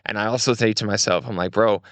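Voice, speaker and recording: A young adult man, chatting casually as a podcast guest, animated and acting out quotes with big pitch jumps. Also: quick pace, clean tone, dry recording. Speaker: creative director, guest.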